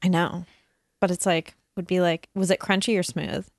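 Low, gravelly woman chatting. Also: little pitch movement, dry recording, clean studio sound. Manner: quick joking asides, crude humor. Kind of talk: casual chat.

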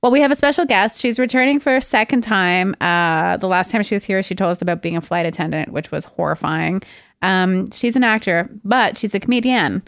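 A woman's voice: medium pitch, brisk, dry recording, studio quality. A woman hosting a comedy podcast, chatting casually with playful, bawdy jokes and frequent laughter. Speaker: podcast host.

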